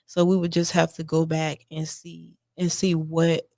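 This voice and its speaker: A woman's voice: low-pitched, monotone, measured pace, gravelly, darkish tone, dry recording, clean studio sound. A woman guest on a podcast explaining her parent coaching in an earnest, repetitive way. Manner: earnest, repeats herself, acts out lines to her kids. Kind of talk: casual podcast conversation.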